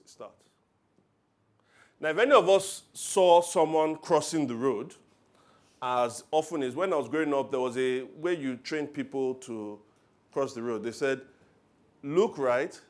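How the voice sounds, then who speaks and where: A man preaching a sermon, telling stories with loud emphatic bursts and quiet asides. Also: mid-range voice. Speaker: pastor.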